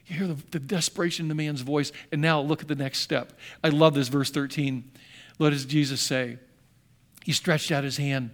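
Man pastor preaching, kinda high voice, fervent, repeats stuff a lot. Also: fairly even intonation, moderate pace. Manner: fervent, repeats phrases, acts out quotes. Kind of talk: sermon.

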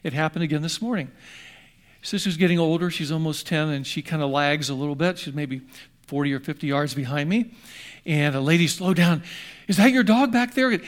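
An older man delivers a sermon in a loose, conversational way. He drifts through anecdotes with frequent restarts and asides. His voice sits slightly high for a man. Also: fairly even intonation, fairly quick. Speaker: pastor.

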